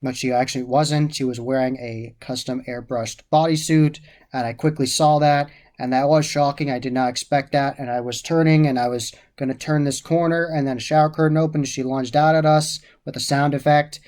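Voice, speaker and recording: A man of ordinary, middle pitch talks through a haunted attraction in a relaxed review. He is eager and keeps circling back to how much he loved each detail. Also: brisk. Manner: enthusiastic, repeats praise phrases often. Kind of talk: casual spoken review.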